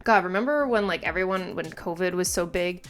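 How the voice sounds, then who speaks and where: A woman's voice: lowish voice, fairly quick, a bit bright, clean tone. A woman hosting a manga reaction video in casual commentary, talking emphatically and exasperatedly, with lots of "like" fillers and some swearing.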